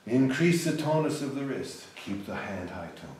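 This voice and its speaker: Animated piano teacher in an echoey room. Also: male voice, mid-range voice, moderate pace, distant mic, a little hiss or hum. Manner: animated, loud bursts of encouragement then soft guiding. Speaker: piano professor. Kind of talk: hands-on teaching in a class.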